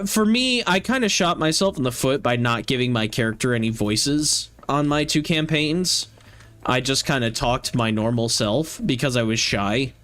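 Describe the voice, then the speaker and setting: A man's voice: mid-range voice, fairly bright tone. A young man who streams games, chatting casually and rambling with lots of filler words. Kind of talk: casual chat while streaming a game.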